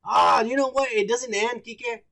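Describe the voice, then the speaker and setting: High-voiced profane podcast man. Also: fairly even intonation, measured pace, creaky, bright, forceful tone, no room sound. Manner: profane, rambling, mocking news reading. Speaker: podcast co-host. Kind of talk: casual crude banter.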